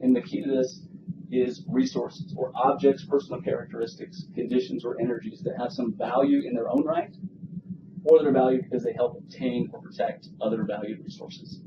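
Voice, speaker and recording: A man's voice: mid-range voice, sing-song, normal speed, vocal fry. A man giving an academic job talk and answering questions in a seminar room, explaining earnestly with small restarts. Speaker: job candidate presenting research. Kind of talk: academic presentation with Q&A. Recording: distant, dull lo-fi with room noise.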